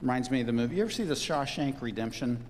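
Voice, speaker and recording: A man's voice: medium pitch, lively intonation, racing, long reverb tail, slight background noise. A man preaching a sermon as a pastor, emphatic, repeating key phrases for stress.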